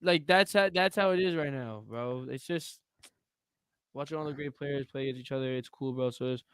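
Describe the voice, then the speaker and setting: Young dude on a sports podcast, fired up, bouncing between loud and mumbled, dry sound. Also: male voice, mid-range voice, clean tone, dry recording. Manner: animated, quick to laugh and argue. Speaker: podcast co-host. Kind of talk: casual sports chat.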